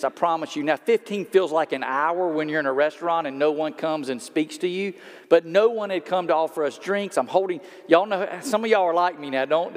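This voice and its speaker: A man, a pastor preaching a sermon in a conversational storytelling way and talking straight to his congregation. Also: a little high. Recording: long hall reverb.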